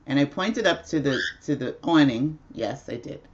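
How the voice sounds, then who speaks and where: A woman's voice: low-pitched, expressive, normal speed, darkish tone, lo-fi sound. A woman hosting a casual livestream at home, telling a rambling story with frequent laughs. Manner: chatty, rambling, laughs often. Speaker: livestream host.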